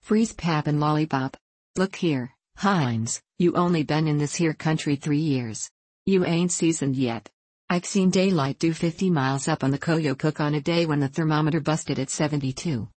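A woman voicing a drunken, boisterous old male miner who scoffs in a rough backwoods dialect. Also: low-pitched, normal speed, darkish tone, no room sound. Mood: rowdy.

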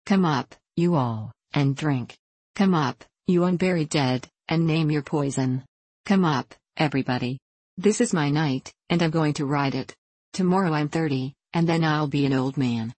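A woman's voice: low-pitched, normal speed, a little mellow, no room sound. A woman voicing a boisterous male gold-rush adventurer about to turn thirty, speaking in a hearty, folksy way that calls out to a whole room.

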